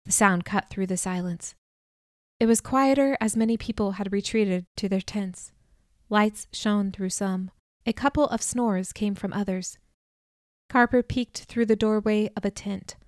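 Brief: female audiobook narrator, first person, even clear read, mid pitch, dry booth sound. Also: unhurried, dry recording.

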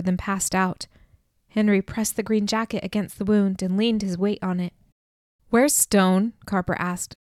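A woman narrating an audiobook in a measured, expressive way, on a close studio mic. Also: medium pitch, dry recording.

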